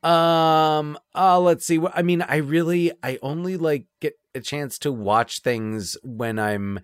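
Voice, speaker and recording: A man's voice: on the high side, slow pace, smooth, no room sound. Rambling man in a dry, close recording. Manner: rambling, with frequent restarts. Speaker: podcast co-host. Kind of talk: casual movie chat.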